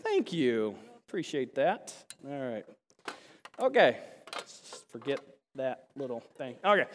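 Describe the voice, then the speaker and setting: A man preaching a sermon to a congregation, chatty with restarts and then rising to animated, emphatic bursts. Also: sits high, unhurried. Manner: chatty asides, frequent restarts. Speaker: pastor. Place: large church sanctuary. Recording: long hall reverb.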